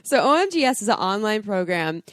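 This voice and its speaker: A woman co-hosting a podcast in casual chat, chatty and quick to laugh. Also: mid-range voice, no room sound, studio quality. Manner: giggly, chatty, lively. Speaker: podcast co-host.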